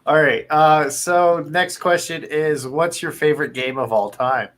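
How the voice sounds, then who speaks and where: Man, high voice, very bright tone, upbeat, laughs easily, casual interview host, video call. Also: a little slow. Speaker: podcast host.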